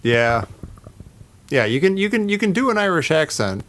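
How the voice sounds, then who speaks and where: Male podcast host, lively pitch, laughs a lot, casual banter. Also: moderate pace. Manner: laughs often, lively and joking. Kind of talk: casual comedic chat.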